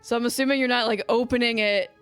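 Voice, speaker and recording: A woman's voice: a little high, fairly even intonation, fast talker, fairly bright tone, clear, resonant tone, soft background music. A woman narrating as game master of a tabletop game, chatty and loose with lots of filler words. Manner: chatty, full of filler words, voices characters in between.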